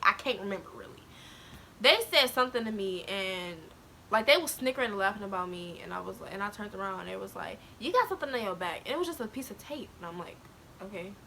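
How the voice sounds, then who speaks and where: A woman's voice: medium pitch, lively intonation, fast talker, gravelly, pushed and bright, a little hiss or hum. A teenage girl talking candidly to the camera, telling a personal story in casual slang and laughing as she goes. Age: teens. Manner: candid, laughs to cope, quotes others, African American slang. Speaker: vlogger.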